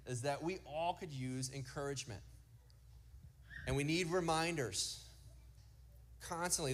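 Storytelling pastor, slow and emphatic. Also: male voice, fairly high pitch. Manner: storytelling, acts out quotes from kids. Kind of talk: sermon.

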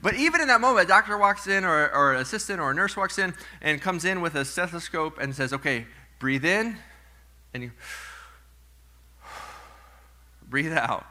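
A man in his thirties preaching a sermon to a live congregation, conversational and storytelling, with playful asides and softer reflective moments. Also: sits high, expressive, moderate pace, pauses often. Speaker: pastor. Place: church sanctuary with live congregation.

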